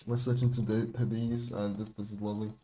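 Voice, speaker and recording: A man's voice: lowish voice, flat delivery, fast. A young man rambling through a casual livestream breakdown of his own remix, with lots of fillers, restarts and laughs. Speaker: music producer streaming a breakdown of his remix. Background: faint music.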